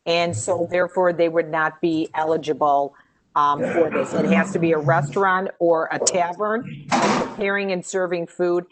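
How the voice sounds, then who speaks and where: Measured low-pitched woman presenting a webinar. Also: fairly even intonation. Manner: measured, explanatory, with pauses and fillers. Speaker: grant program presenter. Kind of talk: webinar Q&A answers.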